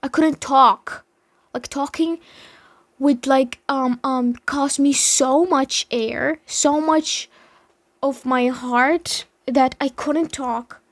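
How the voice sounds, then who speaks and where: Young woman, high pitch, unhurried delivery, dramatic, profane, emphatic storytime vlog. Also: steady tone, no echo. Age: young adult. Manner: dramatic, heavy swearing, emphatic. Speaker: vlogger telling a story. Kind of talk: casual storytime.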